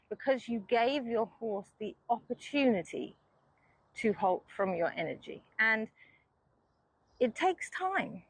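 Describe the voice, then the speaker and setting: A woman horse trainer talks through her technique while riding, calm and patient. Her voice sits in a middle pitch. The sound is dry and close, with no echo around it. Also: husky. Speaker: riding instructor. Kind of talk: explanatory lesson while riding.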